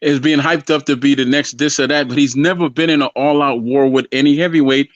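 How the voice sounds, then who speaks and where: A man's voice: medium pitch, fairly even intonation, a little fast, no echo, highs cut off. A man co-hosting a casual boxing talk show, rambling and repeating himself as he argues his predictions. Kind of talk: casual sports debate.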